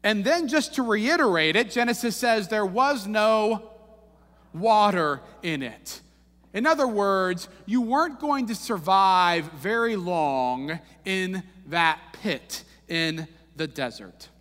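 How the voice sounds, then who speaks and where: A man's voice: high-pitched, animated, slow, a bit bright. A man preaching a sermon in a church, telling the story conversationally with wry humor and frequent asides to the congregation. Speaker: pastor. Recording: long reverb of a large room.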